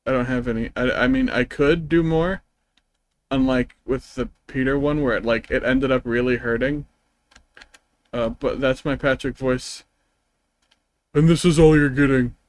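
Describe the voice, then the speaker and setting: A man's voice: mid-range voice, fairly even intonation, moderate pace, no echo, low-quality recording. A man streaming a game, chatting casually in a rambling, joking, self-deprecating way. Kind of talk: casual gameplay stream chat.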